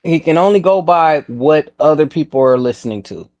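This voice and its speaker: A man's voice: fairly high pitch, animated, normal speed, darkish tone, no room sound, muffled recording. A man in a casual podcast chat who repeats himself when worked up. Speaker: podcast co-host.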